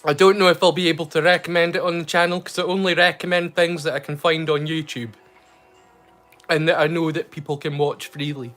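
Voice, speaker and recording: A man's voice: on the high side, steady tone, a little fast, fairly bright tone, faint music behind. A man, chatting casually and rambling as he hosts a movie watch-along livestream. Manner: chatty, rambling, self-correcting. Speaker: livestream host.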